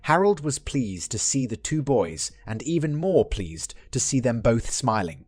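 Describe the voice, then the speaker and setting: Brief: male narrator, steady story reading, middle pitch, dry booth sound, faint music under. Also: unhurried, husky, dry recording.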